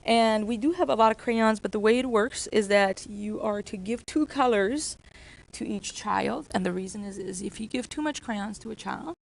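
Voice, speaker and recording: Woman, workplace trainer, mid-pitch voice with vocal fry, repetitive coaching delivery. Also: moderate pace, poor audio. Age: adult with children. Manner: repetitive, acts out customer exchanges. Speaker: restaurant staff trainer.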